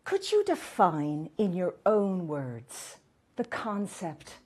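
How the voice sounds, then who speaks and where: This is a beleaguered talk show host, played by a woman, polite and formal, who stammers when flustered. She has a lowish voice with lively swings in pitch. Her pace is slow and deliberate. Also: exaggerated voice. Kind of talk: stand-up character comedy.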